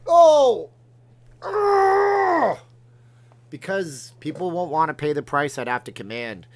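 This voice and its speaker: A man's voice: a little high, expressive, a little fast, fairly bright tone. A middle-aged man from Canada hosting a casual livestream, reading viewer comments and rambling between jokes and remarks to his cat. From Alberta, Canada. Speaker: livestream host.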